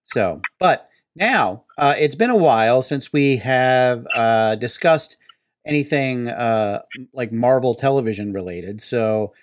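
A man's voice: mid-range voice, lively intonation, slow pace, dry recording. Rambling male podcast host. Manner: rambling, many fillers and hesitations. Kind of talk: casual podcast chat.

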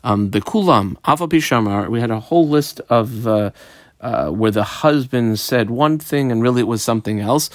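A man's voice: medium pitch, moderate pace, dry recording, studio quality. A man giving a Talmud lesson who reads the Aramaic text aloud and translates it phrase by phrase, adding explanations with frequent fillers. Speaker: Talmud teacher.

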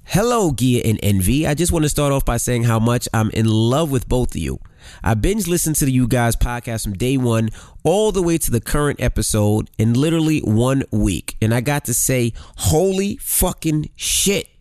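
A man's voice: medium pitch, lively intonation, moderate pace, darkish tone, dry recording, studio quality. A middle-aged man co-hosting a casual podcast, swearing freely and reading out a listener's email. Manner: brash, swears freely, sheepish apologies. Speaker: podcast co-host.

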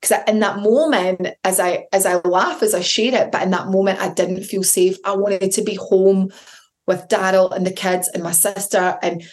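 A woman's voice: mid-range voice, fairly even intonation, moderate pace. A woman with children, hosting her podcast solo and telling a candid personal story in a chatty way, acting out the voices of the people she quotes. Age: adult with children. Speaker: podcast host.

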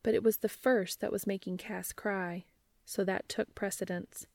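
A woman narrating a romance audiobook in a soft, unhurried reading voice. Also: medium pitch, steady tone, gravelly, no room sound.

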